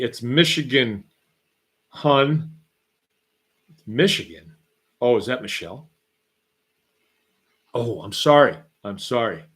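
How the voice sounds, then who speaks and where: A man's voice: medium pitch, fairly bright tone. A man hosting a casual farm live stream, telling rambling folksy stories and reading out viewer comments. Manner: rambling, folksy storytelling with drawn-out asides.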